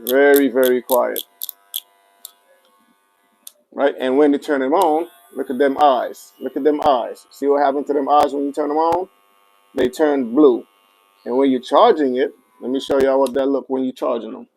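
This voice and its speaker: A man's voice: medium pitch, steady tone, normal speed, creaky, darkish tone, faint music behind, rough recording. Chatty livestream seller, a man, answering comments while he demos gear. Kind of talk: casual product demo livestream.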